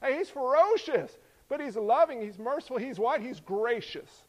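A man preaching a sermon as pastor, lively and joking, peppering the congregation with rhetorical questions. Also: very high voice, moderate pace. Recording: long hall reverb.

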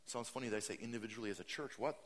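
A man in his thirties preaching a sermon as pastor, animated, jumping into high mocking voices and dropping to soft, earnest lines. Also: rapid-fire.

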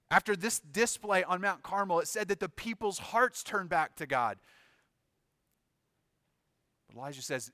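A man's voice: high voice, expressive, unhurried, pauses often, bright, forceful tone, dry recording, clean studio sound. A male pastor preaching a sermon, acting out the voices of biblical figures with shifting intensity.

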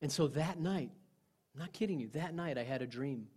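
A male pastor preaching a sermon, telling personal stories in an earnest way, dropping to a hush and then rising again. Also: fairly high pitch, lively intonation, a little fast, slightly rough. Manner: earnest storytelling, swinging from loud to hushed.

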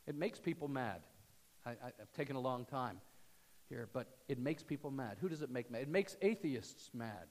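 A man preaching a sermon to his church, swinging from loud emphasis to hushed near-whispers. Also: medium pitch, expressive, moderate pace, long reverb tail. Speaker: pastor. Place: church sanctuary.

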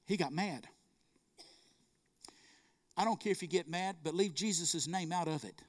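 A man's voice: sits high, measured pace. A middle-aged man preaching a sermon, telling stories with fervor and calling out to the congregation. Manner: fervent storytelling, calls to the congregation.

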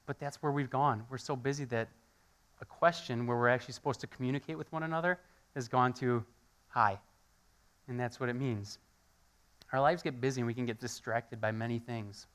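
A man preaches a conversational sermon, his voice bright and forceful. He tells everyday stories and plays the people in them with lively energy. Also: mid-range voice, brisk. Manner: animated storytelling, acts out quoted voices. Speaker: pastor.

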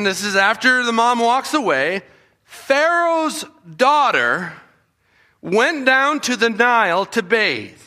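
Bright, high-voiced animated preacher man. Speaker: children's pastor. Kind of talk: storytelling sermon.

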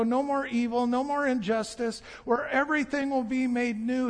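Male pastor, high voice, animated storytelling sermon, long hall reverb.

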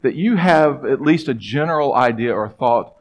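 A middle-aged man preaching a sermon as pastor, conversational and emphatic, with pauses and stressed phrases. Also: medium pitch, animated, poor audio.

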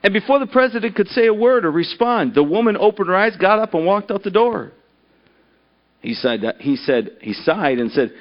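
An earnest male preacher delivering a sermon and reading a story aloud, his voice sitting high. He stumbles and repeats himself as he starts thoughts, and the recording is dull and lo-fi. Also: big pitch swings, normal speed. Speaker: pastor.

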